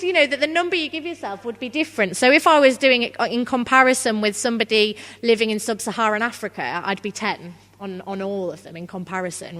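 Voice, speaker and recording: A woman's voice: a little high, fairly bright tone. Woman leading a workshop, chatty, asks the crowd stuff, echoey conference hall. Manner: chatty, engages the audience directly. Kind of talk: conversational workshop talk.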